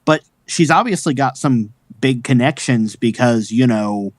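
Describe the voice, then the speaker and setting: A man co-hosting a casual film podcast, retelling scenes in an excitable, rambling way. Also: mid-range voice, measured pace, no room sound. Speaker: podcast co-host. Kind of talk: casual chat.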